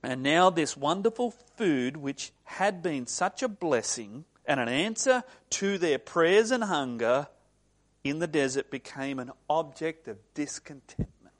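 Male pastor, middle-aged, slow earnest sermon delivery, slightly higher voice, emphatic bursts. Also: expressive. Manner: slow, earnest preaching with sudden emphatic swells.

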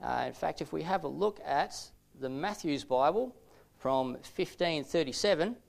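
A man delivering a lecture-style teaching video, explaining step by step in a measured way with frequent filler sounds. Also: on the high side, expressive, gravelly.

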